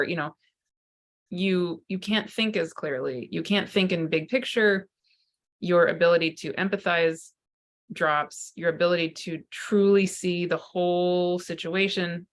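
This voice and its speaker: A woman's voice: sits low, fairly bright tone. A woman, a psychotherapist and spiritual teacher, talking to camera in an earnest, searching way, often restarting her sentences. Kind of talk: unscripted spiritual talk to camera.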